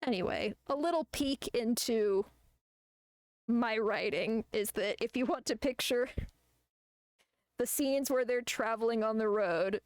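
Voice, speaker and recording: A woman's voice: fairly high pitch, dry recording. A young woman streaming as an artist, chatting casually while drawing. She rambles, laughs often and swears freely.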